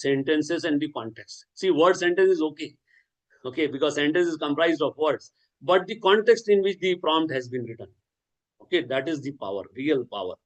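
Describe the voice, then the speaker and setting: Man, lecturer, slightly high voice, frequent okays, repeated restarts. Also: rough recording. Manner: repeats "okay" often, stresses key words, restarts phrases. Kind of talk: lecture on generative AI.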